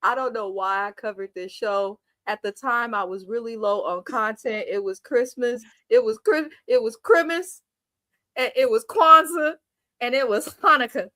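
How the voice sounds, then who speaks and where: Animated, high-voiced woman recapping TV. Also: normal speed, no room sound. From Kenya. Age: 30s. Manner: animated, laughing, blunt and profane storytelling. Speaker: show recap host. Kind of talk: live TV recap commentary.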